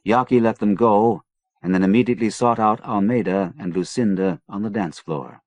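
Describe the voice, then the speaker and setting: A man narrating an adventure novel in a measured, even storytelling manner. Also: lowish voice, no room sound. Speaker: audiobook narrator.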